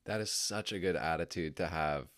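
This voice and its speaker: A man's voice: deep voice, moderate pace, fairly bright tone, dry recording, studio quality. A man hosting a podcast interview, asking questions and affirming his guest. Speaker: podcast host.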